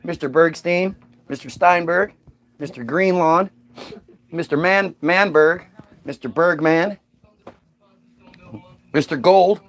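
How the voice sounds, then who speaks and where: A man voicing a cold business lawyer who speaks flatly and formally. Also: fairly high pitch, slow pace, long pauses.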